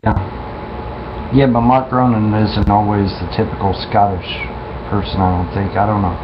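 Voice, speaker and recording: A man's voice: on the low side, flat delivery, measured pace. A man casually telling a long story to his listeners, profane and rambling, often repeating and restarting himself. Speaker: streamer talking to listeners. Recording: muffled with clear background noise.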